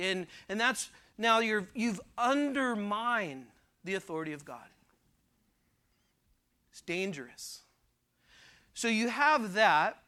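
A man's voice: sits high, sharp tone, clean tone. A man preaching a sermon, emphatic and repeating phrases for weight.

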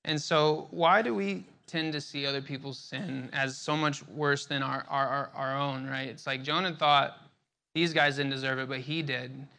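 A man's voice: mid-range voice, steady tone, moderate pace, vocal fry, bright, forceful tone. A young man teaching a Bible passage in a loose, conversational way, full of fillers and restarts. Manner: conversational, many fillers and repeated words.

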